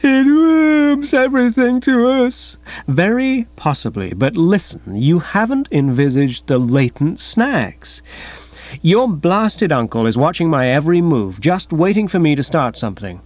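A man narrating a comic first-person story in a wry, animated storytelling manner. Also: a little high, a little slow, no echo. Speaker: audiobook narrator. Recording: dull, dry recording.

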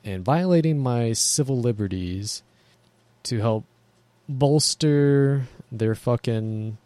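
A man's voice: on the low side, dark tone, no room sound. A man ranting casually to camera in a blunt, profane, rambling way.

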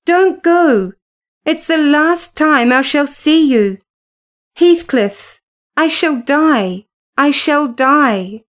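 A frail young woman near death, clinging and reproachful, as read by a woman. The voice sits high, and the words are spoken slowly. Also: lively intonation, exaggerated voice. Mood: desperate. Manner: reproachful, desperate.

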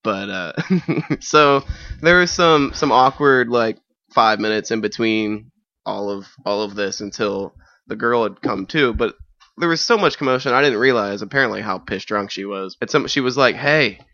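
A young man telling a funny anecdote in casual conversation, animated, often acting out other people's voices. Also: on the low side, normal speed, dry recording, lo-fi sound.

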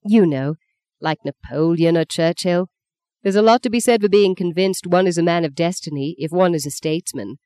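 A reader voicing Justine, a sharp-tongued, quick-tempered young actress, in an audiobook. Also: clean tone, close to an everyday voice. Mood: teasing. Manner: high, indignant outbursts. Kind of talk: audiobook character voice.

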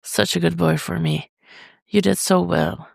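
A dominant male lover who murmurs low, dark one moment and soothing the next, as the reader puts him on. His voice is deeply gravelly and unhurried. It sits dry and close. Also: very animated, no room sound, exaggerated voice. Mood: gentle.

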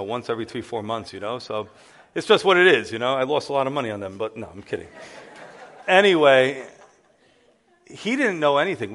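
A middle-aged man, a pastor, preaching a sermon as an animated personal testimony that acts out the voices of the people in his story. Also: mid-range voice.

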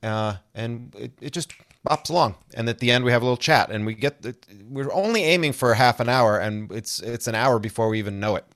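A man's voice: mid-range voice, animated, brisk, fairly bright tone, dry recording, clean studio sound. A man chatting as a podcast guest, rambling through asides and laughing often. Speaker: podcast guest, comedy songwriter. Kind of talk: casual interview chat.

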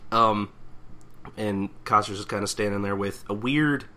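A man's voice: fairly low pitch, brisk, bright, forceful tone, faint music behind. A young man co-hosting a podcast, recapping manga chapters in a rambling, casual way that keeps stopping and restarting. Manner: rambling, self-interrupting, acts out characters' lines. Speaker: podcast co-host.

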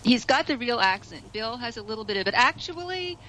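A woman's voice: a little high, fast talker, fairly bright tone, poor audio. A woman talking as a guest commentator on a radio show, chatty, with frequent restarts and laughter. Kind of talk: casual radio discussion.

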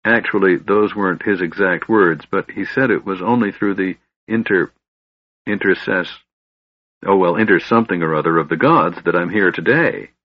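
A man's voice: deep voice, moderate pace, no room sound. A man voicing a cheerful, curious small male kender with a light, guileless, chatty voice. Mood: chirpy. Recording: slightly dull, dry recording.

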